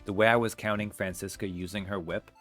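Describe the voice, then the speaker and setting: A man giving casual gameplay commentary in fast, rambling asides with self-deprecating jokes. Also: on the low side, fairly even intonation, fairly bright tone. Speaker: let's player. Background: faint game music.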